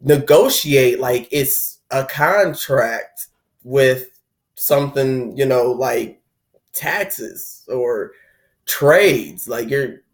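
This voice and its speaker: Young man, casual talk, average pitch, conversational, slips into acted inner voices. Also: extremely slow. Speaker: spiritual video host. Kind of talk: casual spoken talk on heartbreak.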